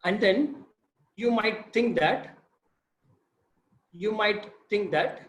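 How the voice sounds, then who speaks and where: A man with an Indian English accent, a field biologist telling his research story in an informal online session, animated and quizzing his listeners. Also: high-pitched, extremely slow. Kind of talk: informal talk on a video session. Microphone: video call. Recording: roomy echo.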